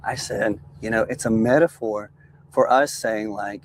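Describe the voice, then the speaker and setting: A young adult man, a truck driver, casually telling a story to his viewers, lively and laughing, often calling them man and dude. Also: medium pitch, a little fast. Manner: animated, laughing, says man and dude a lot. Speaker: trucker and channel host.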